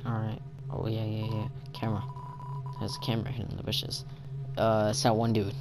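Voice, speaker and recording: A man's voice: on the low side, completely flat delivery, fairly quick. A teenage boy doing casual gameplay commentary, with crude, playful, joking banter. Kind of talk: casual let's-play commentary. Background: game music.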